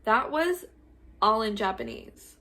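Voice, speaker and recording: A young adult woman telling a story in a casual vlog, animated and swearing, laughing as she goes. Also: a little high, slow pace, background noise. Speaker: vlogger.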